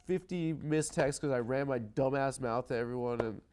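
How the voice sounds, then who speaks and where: A man's voice: medium pitch, moderate pace, darkish tone, smooth. A man hosting a comedy talk show, telling a rambling self-deprecating story and swearing freely. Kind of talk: casual comedic chat.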